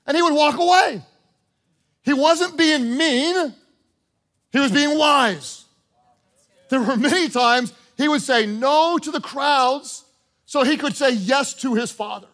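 A man preaching a sermon as pastor, animated, acting out short exchanges and repeating his points. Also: extremely high pitch, unhurried, pauses often, a faint crowd. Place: church auditorium with congregation.

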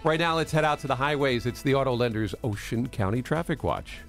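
A man's voice: medium pitch, a little fast, faint music behind. A middle-aged man, co-hosting a radio show and telling stories in a rambling way with lots of fillers. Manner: chatty, rambling storyteller with many fillers. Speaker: radio co-host. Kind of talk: casual radio chat.

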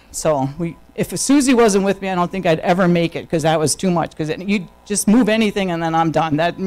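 A woman's voice: on the low side, darkish tone, poor audio. A woman with a New York accent giving a chatty personal testimony at a church service, telling her story with lots of fillers and restarts. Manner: chatty, storytelling, full of fillers and self-corrections.

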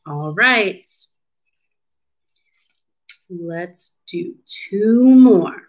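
Slow, sing-song woman teaching children. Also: fairly low pitch, sing-song, a bit bright, poor audio. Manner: slow, sing-song, encouraging teacher talk with drawn-out words. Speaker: speech therapy clinician. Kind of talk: children's syllable-clapping lesson.

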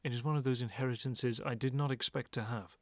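A man voicing a tall, stern middle-aged collector with a strong German accent, speaking low, cool and restrained. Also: fairly even intonation, fast talker, no echo, clean studio sound, close to an everyday voice. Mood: cold, polite. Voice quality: sharp.

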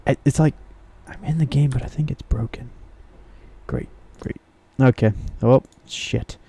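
Dark-voiced man playing a horror game. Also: mid-range voice, normal speed, husky. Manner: jumpy, swearing, whispering when scared, talking to game characters. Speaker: gaming streamer. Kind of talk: horror game let's play commentary.

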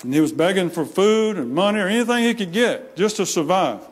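Man preaching, somewhat high voice, long church reverb. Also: lively intonation, a little fast. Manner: plain storytelling, acts out quoted voices, repeats phrases. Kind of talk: sermon. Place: church sanctuary.

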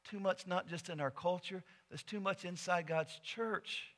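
A male pastor delivers a sermon in a church, earnest and story-driven. His voice sits a little high and sounds bright and forceful, shifting between hushed and loud moments. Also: measured pace. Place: church sanctuary.

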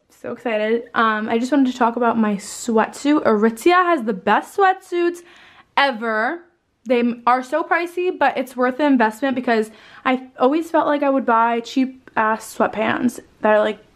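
A young woman vlogging at home in a casual, rambling, chatty way, sounding tired and a little out of breath, with casual swearing. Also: fairly high pitch. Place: at home indoors.

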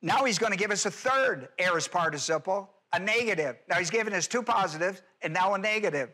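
Male pastor, bright and forceful tone, emphatic teaching sermon heavy on grammar explanations. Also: sits high, lively intonation, brisk. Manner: emphatic, rhetorical questions, explains Greek grammar. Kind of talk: expository Bible teaching sermon.

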